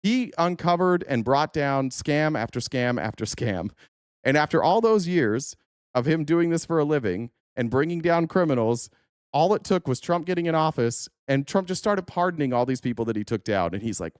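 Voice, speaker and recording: A man's voice: on the high side, animated, normal speed, clear, resonant tone, no room sound, clean studio sound. A man hosting a livestream, reacting in casual, rambling commentary with swearing, laughter and many fillers. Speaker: livestream host.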